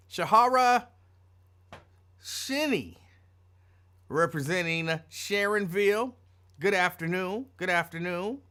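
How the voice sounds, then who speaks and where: Excited guy hosting a show, voice jumps all over, bright and sharp, shouts names then mutters. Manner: excitable, voice swings from raised shouts of names to low asides. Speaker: radio show host. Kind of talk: casual call-out greetings to listeners.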